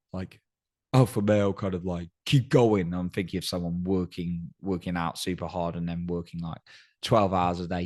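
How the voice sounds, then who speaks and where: A man hosting a solo podcast, giving earnest coaching advice and often checking in with "right?". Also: sits low. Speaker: podcast host. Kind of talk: solo motivational podcast talk.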